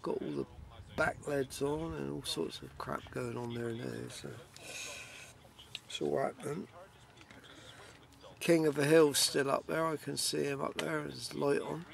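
A man's voice: a little high, steady tone, a little slow, gravelly, pauses often. A man chatting casually to camera while out at a fishing match by a lake. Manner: chatty, banters with friends. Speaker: vlogger filming a fishing match. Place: outdoors by a lake at evening. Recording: outdoors at a lake, faint ambient noise.

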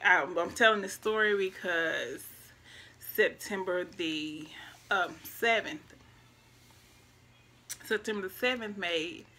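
Woman in her twenties, vlogger, bright tone, soft and reflective casual storytelling straight to camera. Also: on the low side, slight background noise. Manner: soft-spoken, reflective, talks straight to viewers.

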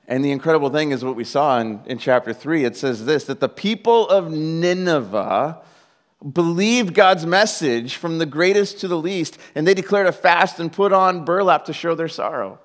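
A male pastor preaches in a lively, casual tone, keeping his delivery conversational and peppered with humor. His voice sits a bit higher than most men's. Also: moderate pace. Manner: animated, jokey, conversational preaching. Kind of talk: sermon.

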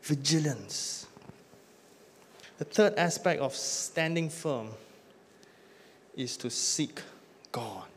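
A man's voice: on the high side, animated, extremely slow, long pauses, a little hiss or hum. A man preaching a sermon in a slightly raised voice, his words trailing into the long reverb of a church hall. He builds lists with rising force, then drops to a near-whisper at the close of each point. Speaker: pastor.

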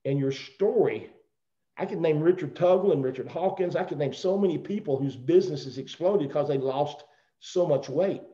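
A man's voice: on the high side, moderate pace, mellow. A middle-aged man with a Southern accent giving a rambling, joking motivational talk on a video call. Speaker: guest speaker on a company call. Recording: roomy, dull video call audio.

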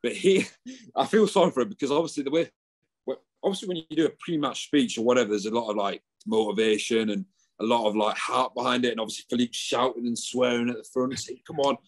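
A young man chats easily as a podcast guest. He tells his stories at an ordinary pitch, laughing often. It is relaxed, informal talk. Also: quick pace. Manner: chatty storyteller, laughs often. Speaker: guest rugby player. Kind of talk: casual podcast chat.

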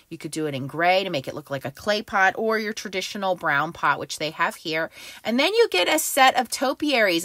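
A woman's voice: mid-range voice, sharp tone. A middle-aged woman casually demonstrating new stamp sets, chatty and enthusiastic, with fillers. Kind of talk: casual craft product demo.

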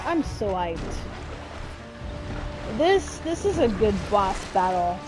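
A young woman streaming a horror game, trash-talking enemies with constant swearing and excitable reactions. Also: mid-range voice, slow. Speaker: gameplay streamer. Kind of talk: live game commentary. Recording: game music playing behind.

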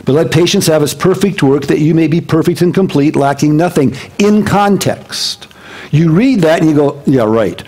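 A man, a senior pastor, preaching a sermon and acting out the voices of the people he talks about, dropping low and quiet for prayers. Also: normal speed.

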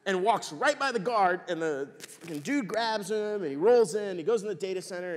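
Man telling profane war stories in a hall. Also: high voice. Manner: animated, swearing freely. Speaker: conference speaker. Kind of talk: profane, casual storytelling talk. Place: large conference hall. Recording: long hall reverb.

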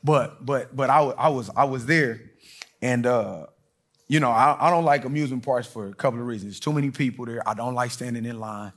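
A middle-aged man preaching a sermon, telling stories and acting out quoted voices, swinging between loud and hushed. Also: mid-range voice, a little fast. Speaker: pastor.

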